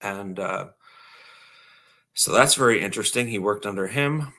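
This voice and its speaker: A man's voice: on the low side, moderate pace, pushed and bright. A man co-hosting a casual podcast, reading a bio aloud with lots of ums, uhs and restarts. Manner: reads aloud with frequent fillers and restarts. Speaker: podcast co-host.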